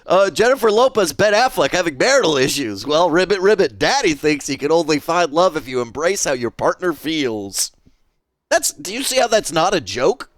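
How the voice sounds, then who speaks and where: A man's voice: on the high side, sing-song, normal speed, no echo. A man hosting a live stream in casual chat, who laughs often, repeats himself and swears freely while reacting to jokes. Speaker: streamer host.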